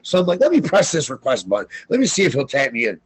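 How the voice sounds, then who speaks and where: A man talking as a podcast guest, loud and excitable, telling stories with lots of energy and cursing. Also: medium pitch, fast talker, husky, no room sound, rough recording. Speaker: guest sports bettor. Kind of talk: casual podcast interview.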